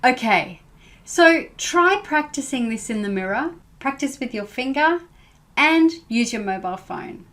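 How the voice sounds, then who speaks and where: A woman teaching English pronunciation, speaking clearly and carefully and modelling words for learners to repeat. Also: high-pitched, expressive, a little slow, fairly bright tone. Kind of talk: pronunciation lesson.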